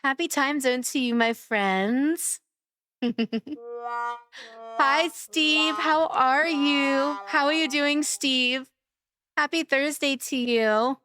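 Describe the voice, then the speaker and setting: A young woman chats live on stream in a bubbly, cutesy way, slipping into baby talk as she greets her viewers. Her voice sits high and she takes her time. The sound is close and dry, with no room echo. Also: takes it slowly, pushed and bright, faint music behind. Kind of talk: casual live-stream chat.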